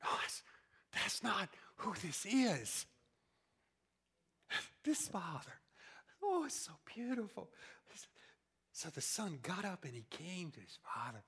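Preacher, sermon, slow and theatrical, loud-to-whisper swings. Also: medium pitch, very animated, slightly rough. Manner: dramatic storytelling, swinging from loud exclamations to hushed whispers.

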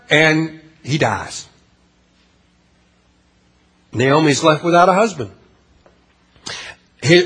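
Husky high-voiced man preaching a sermon. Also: a bit bright. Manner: halting, repeats words, rhetorical questions. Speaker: pastor.

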